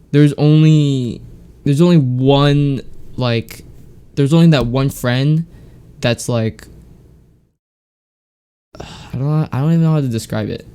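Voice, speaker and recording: Teen male podcast host, congested, rambling, filler-heavy, mid-pitched. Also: a little mellow, clean tone. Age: teens. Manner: rambling, many fillers and restarts. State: congested from a sore throat. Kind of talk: casual solo chat. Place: home, alone.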